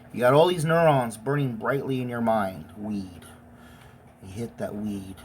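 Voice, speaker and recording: A woman's voice: rumbling low, a little mellow, a little hiss or hum. A woman giving a blunt, profane, emotionally intense rant as a vlogger. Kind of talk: profane ranting monologue.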